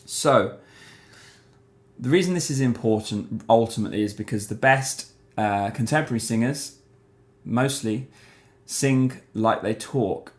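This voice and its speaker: A man giving a casual voice lesson, explaining resonance and singing short syllables to demonstrate. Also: mid-range voice. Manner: demonstrates vocal sounds on syllables like "ma" and "mum"; relaxed, conversational explaining. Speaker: singing teacher. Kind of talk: voice lesson to camera.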